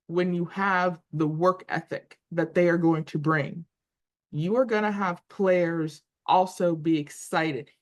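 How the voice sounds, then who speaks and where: A podcast co-host in her forties, with a slightly low voice, talks casually about college football. Thinking out loud, she stumbles, restarts and repeats words while hunting for names.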